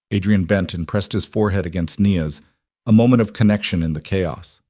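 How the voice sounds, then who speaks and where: A man narrating a scripted dramatic story in a measured, emotive way. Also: low-pitched, mellow, no room sound, studio quality.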